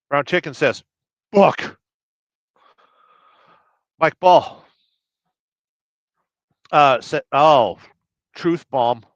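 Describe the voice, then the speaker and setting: A man hosts a casual livestream, rambling and joking as he reads out viewer comments and says chat names aloud. His mid-range voice is a bit bright with a clean tone, and the recording sounds dull and dry with no echo.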